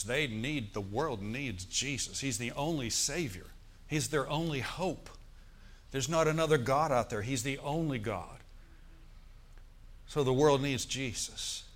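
A man's voice: medium pitch, unhurried. A male pastor preaching a sermon in a church, asking his congregation questions and leading them in reciting scripture.

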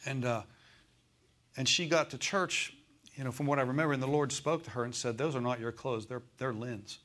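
A male pastor preaching a sermon in a church, folksy, asking the congregation for replies and slowing down to read scripture aloud. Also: mid-range voice, fairly bright tone.

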